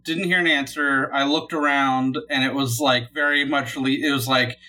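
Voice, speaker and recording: A man in casual chat about a video game, talking haltingly as he searches for words. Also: mid-range voice, fairly even intonation, pushed and bright, poor audio.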